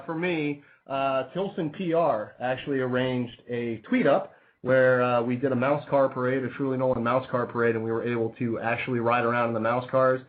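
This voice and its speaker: A man hosting a radio show, chatting casually and rambling, plugging sponsors and reading out the call-in number. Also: mid-range voice. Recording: tinny phone-like lo-fi sound.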